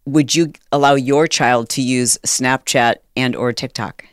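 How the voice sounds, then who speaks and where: A woman hosting a podcast who asks curious questions, reacts with quick exclamations, and also reads an ad. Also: very deep voice, steady tone, dry recording, clean studio sound. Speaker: podcast host. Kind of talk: interview and ad read.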